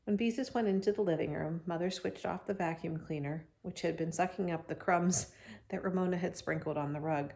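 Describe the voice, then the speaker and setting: Expressive woman reading aloud to children. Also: lowish voice, fairly quick, gravelly. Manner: expressive, chatty asides to children. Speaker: children's book reader.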